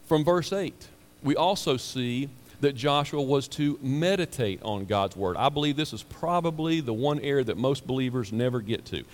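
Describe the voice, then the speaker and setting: A man preaching to his congregation in a conversational, emphatic way, often repeating words for weight. His voice carries a long hall reverb from the church sanctuary. His pitch is average for a man. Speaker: pastor. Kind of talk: sermon.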